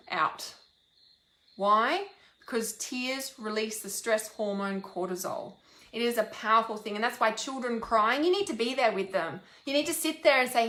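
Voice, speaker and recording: A woman's voice: on the high side, moderate pace, sharp tone, echoey room. A woman who works as an intuitive healer, talking earnestly and casually to her viewers and repeating words for emphasis. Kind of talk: casual live talk to viewers.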